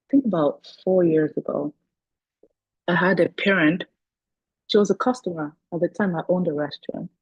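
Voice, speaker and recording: A woman's voice: low voice, mellow, husky, dry recording, highs cut off. A woman speaking as a guest on a video call, telling stories in a chatty way and laughing between points. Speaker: guest speaker, parent coach. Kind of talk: casual talk on a video call.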